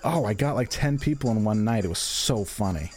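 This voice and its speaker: A man's voice: on the low side, lively intonation, fairly quick, a little mellow. A man in casual chat, telling rambling, profane stories, with faint music behind.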